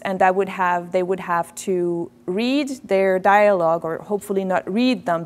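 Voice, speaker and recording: Woman giving a faculty lecture. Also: on the low side. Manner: animated, self-deprecating, quoting French phrases. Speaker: French professor. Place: lecture hall.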